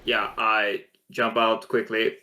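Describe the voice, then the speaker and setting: A man's voice: lowish voice, monotone, slow, pushed and bright. A man playing a character in a tabletop role-playing game, casual and joking. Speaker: player.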